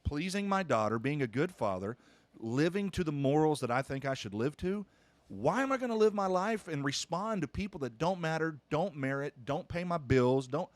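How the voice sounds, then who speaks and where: A man's voice: a little high, animated, moderate pace, no room sound. A middle-aged man, a pastor hosting a podcast, telling a family story earnestly with frequent restarts. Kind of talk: casual podcast conversation.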